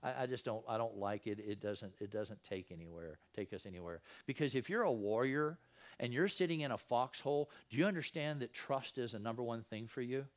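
Speaking fairly quickly in an expressive mid-range voice, this man delivers relaxed, conversational Bible teaching. He keeps posing rhetorical questions to listeners and tends to circle back and restart his phrases, folksy as a preacher can be.

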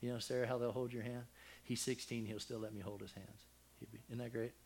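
An older man preaching a sermon, telling a personal family story with deep feeling, dropping to a hush and then rising loud, with many restarts. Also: flat delivery, fast, creaky, husky. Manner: emotional, swings from loud and high to hushed and soft; rambling with frequent restarts.

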